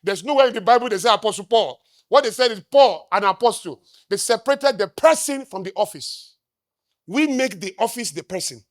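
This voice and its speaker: A man with a Nigerian accent giving a live motivational talk, emphatic, firing rhetorical questions at the crowd and swinging between loud declarations and quiet asides. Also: high voice, expressive, brisk, no room sound, clean studio sound. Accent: Nigerian English. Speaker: motivational speaker. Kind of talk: live stage talk to an audience.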